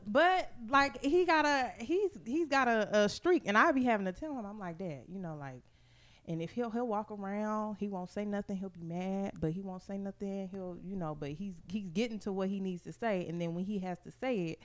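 A woman's voice: mid-range voice, moderate pace. A woman talking in a casual podcast chat, candid and profane, full of fillers. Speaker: podcast co-host.

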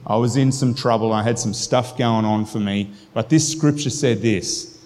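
A man's voice: mid-range voice, normal speed, darkish tone. A man preaching a sermon in an earnest, conversational way, restarting phrases and breaking into spoken prayer. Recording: long hall reverb.

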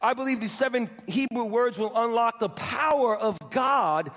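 A pastor delivering a sermon in a very high voice for a man, leading the crowd in call-and-response and repeating his lines for emphasis. The sound rings with long reverb, as in a large church hall. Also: normal speed, fairly bright tone.

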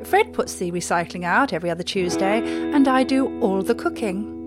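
A woman hosting a comic radio show and delivering arch, deadpan monologues. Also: mid-range voice, moderate pace, over loud music. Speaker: radio host.

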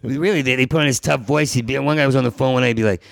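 A male comedian rambles through his stories, stuttering on his repeats and slipping into other characters' voices. His mid-range voice carries a gravelly fry. The sound is close and dry. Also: mid-range voice, rapid-fire, dry recording. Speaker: comedian guest. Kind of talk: rambling comic storytelling.

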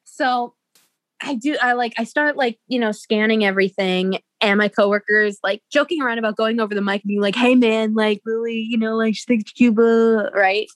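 A woman's voice: a little high, fairly even intonation, normal speed, no echo. A young woman co-hosting a podcast, telling a story in a bubbly, giggly way full of "like" fillers. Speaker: podcast co-host. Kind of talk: casual storytelling chat.

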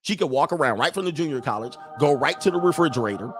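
A man's voice: fairly high pitch, fast, music in the background. Joking man ranting on a stream. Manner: loud, joking, animated, slangy. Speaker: livestream host reading chat. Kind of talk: comedic livestream rant.

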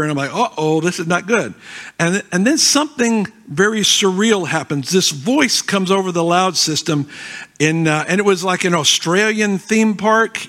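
A middle-aged man preaching as a guest pastor, his voice sitting high for a man. He tells a personal story with animated, self-deprecating humor.

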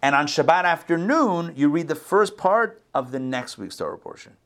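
Expressive and fairly bright in tone, a man with a fairly high voice teaches a Torah class over video at normal speed. It's a conversational online Bible class where he talks casually, corrects himself and checks in with his listeners.

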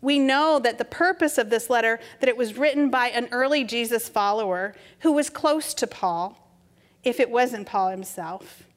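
A middle-aged woman preacher telling a story in a gentle, conversational sermon. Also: a little high, normal speed. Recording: reverberant hall.

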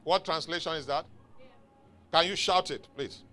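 A man's voice: high voice, expressive, a little slow, sharp tone. A man preaching a sermon in a church, emphatic and exhorting, calling out to his congregation for responses. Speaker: pastor. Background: faint music from outside.

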